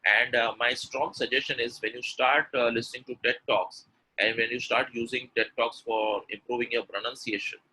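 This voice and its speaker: A man's voice: mid-range voice, steady tone, moderate pace, pushed and bright, slightly rough, poor audio. A man teaching pronunciation in an online webinar, explaining patiently and acting out example sentences. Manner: explanatory, repeats example sentences with exaggerated intonation. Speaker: English pronunciation coach.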